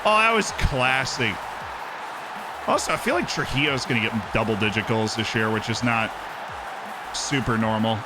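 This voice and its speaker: Joking, animated male game streamer. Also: medium pitch, moderate pace, long pauses, music in the background. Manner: animated, joking, cheers and groans at the play. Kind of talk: live-stream commentary while playing and reading chat.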